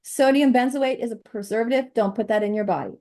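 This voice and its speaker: A middle-aged woman giving a chatty, animated nutrition presentation over slides, laughing often. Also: on the high side, quick pace.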